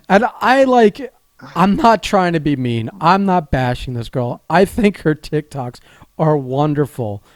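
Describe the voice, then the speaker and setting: Giggly high-ish man on a dry podcast mic. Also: lively intonation, slow, no echo. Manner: laughs often while talking. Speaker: podcast co-host. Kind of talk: casual chat.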